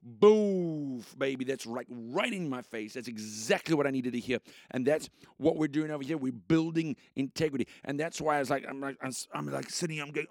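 Male podcast host, gravelly, a bit high, dry close sound; excitable preacher cadence. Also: brisk, no echo. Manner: excitable, repetitive, preacher-like cadence with sudden shouts. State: short on sleep. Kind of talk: energetic motivational faith talk.

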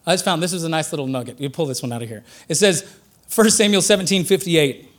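A man preaching a sermon in a conversational, joking way, getting louder and quicker when he makes a point. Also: on the high side. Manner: conversational and joking, rising excitedly for emphasis.

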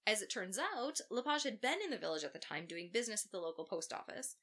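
A woman's voice: mid-range voice, sing-song, fast, sharp tone. A woman co-hosting a podcast, telling a true crime case in a casual way with profane, sarcastic asides. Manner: profane, sarcastic asides while recounting facts.

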